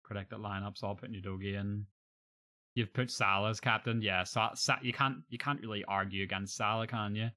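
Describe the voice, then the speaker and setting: A man's voice: fairly low pitch, fairly even intonation, a little fast, sharp tone. A young man chatting casually on a live stream, joking and swearing freely.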